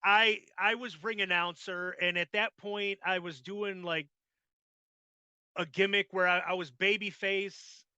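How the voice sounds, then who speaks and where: A man's voice: high-pitched, fairly even intonation, unhurried, bright, forceful tone, clear, resonant tone, dry recording. A man hosting a podcast, reminiscing casually and rambling with lots of "like" and restarts. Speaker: podcast host. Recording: dull lo-fi dry sound.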